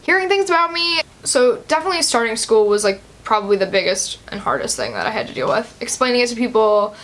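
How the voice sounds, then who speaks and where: A woman's voice: medium pitch, fairly bright tone. A teenage girl of about seventeen vlogging a personal story, chatty and loose, with many "like" and "um" fillers. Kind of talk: casual personal story to camera.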